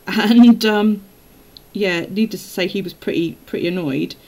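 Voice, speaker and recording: A woman's voice: mid-range voice, measured pace, darkish tone, rough recording. A woman chatting casually on a live stream while journaling, telling stories and laughing often.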